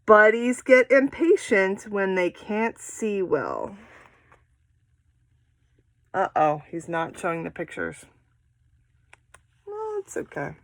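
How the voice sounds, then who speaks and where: Animated sing-song woman teaching reading. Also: medium pitch, takes it slowly, pauses often, no echo. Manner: animated, sing-song and encouraging, acting out story voices. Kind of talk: instructional read-aloud guidance for children.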